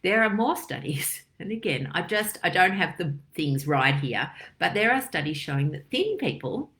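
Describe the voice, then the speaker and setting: A middle-aged woman doctor giving a lively, chatty health talk full of analogies. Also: lowish voice, moderate pace. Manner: lively, chatty, acts out little dialogues and analogies. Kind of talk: casual health talk to camera.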